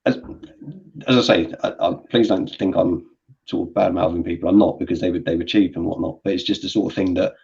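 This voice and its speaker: A man's voice: deep voice, steady tone, fast talker, vocal fry, darkish tone. A man chatting casually about toy collecting, rambling with frequent restarts. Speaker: toy collector stream co-host. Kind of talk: casual chat. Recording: muffled lo-fi call audio.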